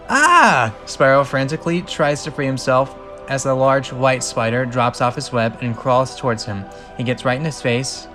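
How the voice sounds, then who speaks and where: A man's voice: mid-range voice, fairly bright tone. A man reading a film script aloud and breaking off for rambling, incredulous asides.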